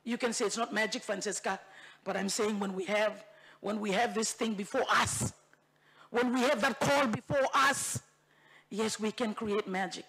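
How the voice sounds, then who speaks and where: A woman's voice: medium pitch, steady tone, moderate pace, a bit bright. A woman with a Papua New Guinean accent, a member of parliament, gives a fiery, repetitive, rallying speech in the parliament chamber. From Bougainville, Papua New Guinea.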